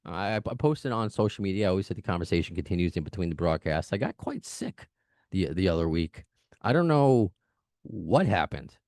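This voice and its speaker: A man hosting a podcast, talking fast and chatty, laughing now and then, his voice still mending after an illness. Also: deep voice, sing-song, darkish tone, no echo. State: recovering from lost voice. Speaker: podcast host. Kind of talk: casual podcast chat.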